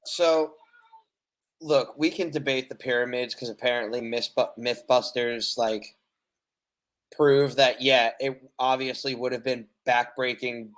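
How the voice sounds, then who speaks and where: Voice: mid-range voice, steady tone, measured pace. Rambling, stumbling podcast co-host. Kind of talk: casual chat.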